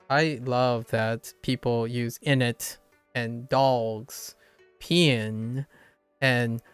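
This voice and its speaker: A man's voice: medium pitch, smooth, no room sound. Playful man with a slight Southern accent. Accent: slight Southern American. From Southern United States. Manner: playful, laughs often, rambling and musing. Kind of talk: casual chat.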